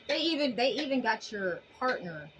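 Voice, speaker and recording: A woman giving a casual tarot reading to her viewers in an animated, emphatic way, often laughing. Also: fairly high pitch, noisy background. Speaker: tarot reader.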